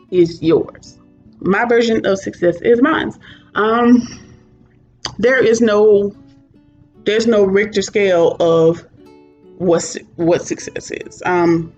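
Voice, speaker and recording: A woman in her twenties or thirties talking candidly to camera in a casual vlog, chatty and prone to asides. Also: mid-range voice. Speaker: vlogger. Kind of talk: casual talking-head reflection. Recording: dull lo-fi sound with soft guitar music behind.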